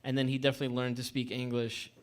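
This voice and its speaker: A man's voice: medium pitch, flat delivery, fast talker, a little hiss or hum. A man in his thirties from Staten Island, co-hosting a podcast in casual chat, rambling through anecdotes and chuckling as he goes. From Staten Island, New York. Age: 30s. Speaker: podcast co-host.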